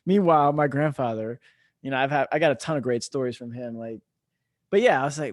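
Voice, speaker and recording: A casual American man in his thirties tells army stories with lively energy and plenty of swearing. His voice sits at an ordinary pitch and sounds close and dry, with no room around it. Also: fairly quick, no echo. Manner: swears freely, animated storytelling. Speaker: podcast host; army veteran, former drill sergeant. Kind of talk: casual chat.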